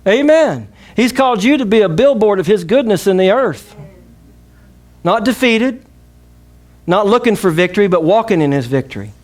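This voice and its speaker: A middle-aged man with a Southern US accent preaches from the pulpit, emphatic and direct. His speaking voice sits a little high for a man. He calls on the congregation to answer him back. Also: very animated, normal speed, a little mellow. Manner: emphatic preaching with call-and-response. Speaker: pastor. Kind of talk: sermon.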